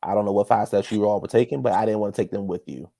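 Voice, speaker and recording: A man's voice: on the low side, fairly even intonation, rapid-fire, gravelly, warm tone, no echo, clean studio sound. A man co-hosting a casual podcast chat, insistent and teasing, repeating himself for emphasis. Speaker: podcast co-host.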